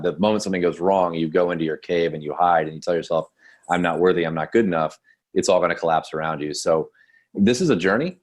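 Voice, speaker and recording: A man's voice: low voice, husky. A man hosting a podcast, talking earnestly about mindset and asking his guest questions. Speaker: podcast host. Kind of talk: casual podcast interview.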